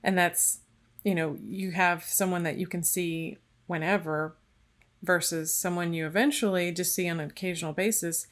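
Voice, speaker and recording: A woman's voice: on the low side, steady tone, moderate pace. A woman hosting a caregiving podcast, speaking reflectively and searching for her words as she shares her thoughts. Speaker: podcast host. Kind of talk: casual interview chat.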